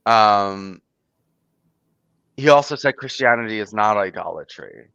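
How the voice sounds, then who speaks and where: A man's voice: fairly low pitch, animated, unhurried, vocal fry, pushed and bright, clean tone, no echo. A man talking casually as a host, telling a story in rambling fashion, full of "like" and "you know" and free swearing. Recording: dull, muffled lo-fi audio.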